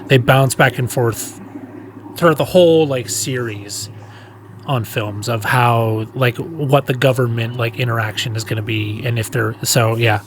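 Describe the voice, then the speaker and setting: A man with an ordinary mid-range voice co-hosts a relaxed podcast about films. He talks freely and playfully, asking questions and riffing in a casual back-and-forth. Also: mid-range voice, a little hiss or hum. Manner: chatty, playful, quick to joke. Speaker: podcast co-host. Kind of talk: casual film discussion.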